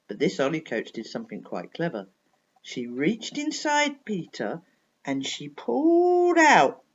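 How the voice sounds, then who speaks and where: A woman's voice: fairly high pitch, very animated, normal speed. A woman telling a children's story expressively, asking her listener questions along the way. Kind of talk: bedtime story reading for children. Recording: dull lo-fi recording.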